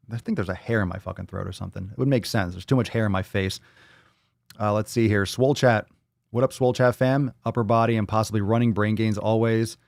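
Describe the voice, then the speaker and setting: There's vocal fry in this man's fairly low voice, and the studio-quality recording has no room sound. He's a podcast host on a casual livestream at home, chatting loosely, cursing freely, and reading out chat comments.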